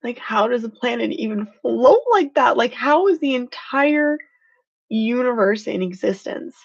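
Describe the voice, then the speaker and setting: A woman with a fairly high voice talks earnestly and with feeling to her live-stream viewers. Her speech is heartfelt and encouraging, with a slightly dull, lo-fi sound. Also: animated, unhurried, gravelly, husky. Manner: earnest, heartfelt and emotional, says "freaking" for emphasis. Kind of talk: motivational live-stream talk.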